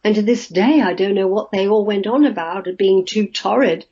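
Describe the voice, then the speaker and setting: Older actress guest, mellow husky voice, animated storyteller, muffled call audio. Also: female voice, medium pitch, normal speed. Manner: lively storytelling, laughs often. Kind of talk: casual interview chat. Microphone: video call.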